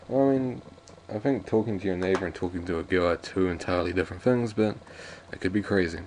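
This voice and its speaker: A man's voice: deep voice, fast talker, hardly any pauses, a little mellow, a little hiss or hum. A man doing casual, rambling gameplay commentary and reading the game's lines aloud. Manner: rambling, jokey, restarts often. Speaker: let's play commentator.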